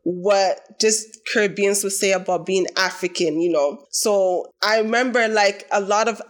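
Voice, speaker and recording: A woman's voice: medium pitch, steady tone, unhurried. Woman panelist, casual debate, emphatic and opinionated. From Toronto, Canada. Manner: emphatic, opinionated, repeats points for stress. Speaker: podcast panelist.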